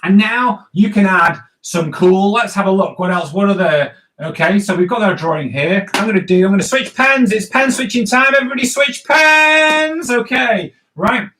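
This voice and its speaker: A man's voice: sits high, moderate pace, hardly any pauses, a bit bright. A man giving a live comic drawing lesson, playful and jokey, talking straight to the viewers as he draws. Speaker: comics teacher.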